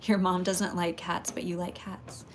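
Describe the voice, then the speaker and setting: A woman's voice: lowish voice, level tone, a little slow, slight background noise. A woman from Texas, hosting a casual pottery livestream, chatting with viewers, greeting them by name and laughing often.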